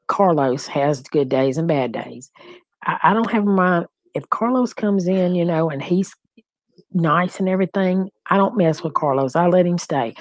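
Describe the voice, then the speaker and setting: A woman's voice: on the low side, darkish tone, dry recording. A woman co-hosting a livestream, talking straight to her viewers in casual chat and laughing often. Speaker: livestream co-host. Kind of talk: casual live-chat talk.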